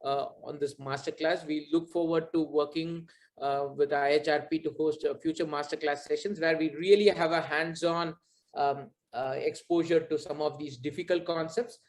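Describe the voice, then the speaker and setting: A man hosts an online masterclass over a video call, and his voice sits a little higher than most men's. He speaks earnestly and fills his pauses with frequent hesitations. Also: fairly even intonation, a little mellow. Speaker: masterclass host. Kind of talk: hosting an online session.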